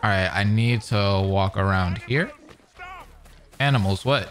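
A young man giving casual, excitable let's-play commentary, often laughing and exclaiming. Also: fairly low pitch, unhurried. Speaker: gaming commentator.

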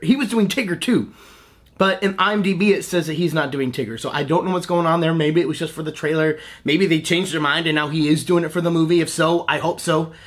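A young man in his twenties with a high voice chats to camera as a voice actor hosting his own channel. He gushes excitedly, laughing and tripping over his words as he talks. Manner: gushing, excitable, breaks into laughs and restarts. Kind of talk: casual reaction vlog to camera.

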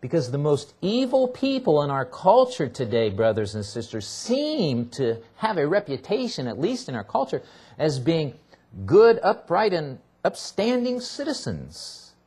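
A man's voice: on the high side, wildly swooping pitch, unhurried, darkish tone, slightly rough. A man preaching as a pastor, teaching through a Bible passage and hammering key words by repeating them. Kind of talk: expository sermon.

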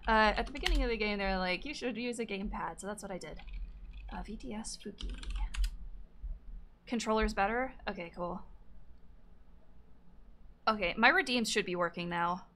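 A woman's voice: mid-range voice, normal speed, long pauses, sharp tone, slight background noise. A woman streaming a game, chatting casually with her viewers in a scattered, swearing way. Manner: scattered, swears, talks to chat. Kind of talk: casual gaming livestream chat.

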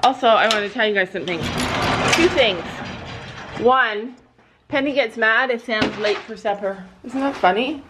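A woman's voice: normal speed, heavy background noise. Chatty woman vlogger rambling to camera. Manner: rambling storytelling with frequent restarts; high sing-song voice when talking to animals. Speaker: vlogger and horse owner. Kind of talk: casual chatty vlog.

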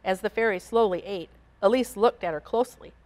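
A woman reading a picture book aloud to children in an expressive, animated storytelling voice. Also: mid-range voice, fairly quick. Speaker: storybook reader.

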